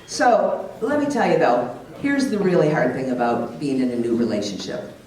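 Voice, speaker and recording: A woman's voice: extremely low pitch, wildly swooping pitch, fairly quick. Brash middle-aged woman doing stand-up. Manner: brash, teasing the crowd. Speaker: stand-up comedian. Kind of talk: stand-up comedy set. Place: comedy club stage. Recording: echoey club from far off with loud crowd. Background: audience laughter.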